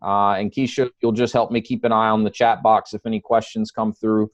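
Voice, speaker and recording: A man's voice: fairly low pitch, little pitch movement, fairly quick, no echo. A man with a Southern accent hosting a business webinar, talking in a friendly, loose way with many ums and uhs. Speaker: webinar host.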